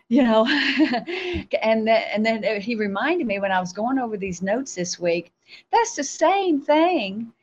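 A woman, a guest on a show, telling a spiritual testimony in an animated storytelling way, acting out her own replies. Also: fairly high pitch, unhurried, highs cut off, slight background noise.

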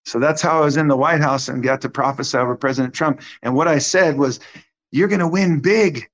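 A man with a mid-range voice talks fast while delivering a conversational testimony as a guest minister. He stays animated throughout, acting out the lines of the people in his story.

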